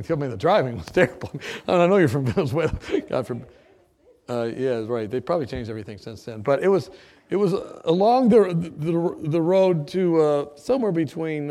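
A man preaching, telling his testimony as a lively story, often laughing and acting out the people in it. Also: on the high side. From United States. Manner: animated storyteller, often laughing, acts out shouts.

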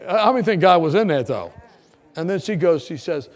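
A man preacher telling his testimony in a sermon, acting out dialogue and halting with fillers. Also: a little high, very animated.

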